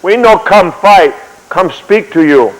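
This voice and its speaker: A man voicing a solemn male interpreter who speaks slow, halting broken English, with a long hall reverb. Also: high-pitched, expressive.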